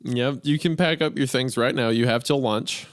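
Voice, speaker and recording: A man's voice: medium pitch, normal speed, no room sound, studio quality. A man co-hosting a podcast, chatting casually and reading stories, joking and laughing often. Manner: laughs often, jokey and animated. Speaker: podcast co-host. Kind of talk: casual chat and story reading.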